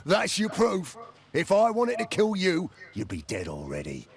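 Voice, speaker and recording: A man's voice: high-pitched, huge pitch swings, unhurried, creaky, heavily acted. An actor playing a bitter, hostile male gang criminal in a video game, speaking in a snarling, contemptuous way. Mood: mocking.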